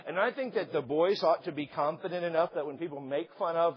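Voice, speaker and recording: A middle-aged male pastor preaching a sermon, animated and joking, acting out quotes along the way. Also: on the high side, fast talker, few pauses, breathy edge. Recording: slightly dull lo-fi sound.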